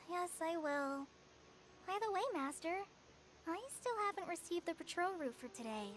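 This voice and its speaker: A woman's voice: very high voice, lively intonation, normal speed, a little hiss or hum. A woman voicing an earnest young female forest ranger apprentice in a video game, eager to help. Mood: meek.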